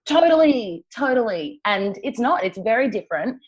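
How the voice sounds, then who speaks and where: A woman's voice: a little high, sing-song, normal speed, muffled recording. A woman co-hosting a podcast in casual chat, rambling through travel stories and laughing often. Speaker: podcast co-host. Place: travelling, recording remotely.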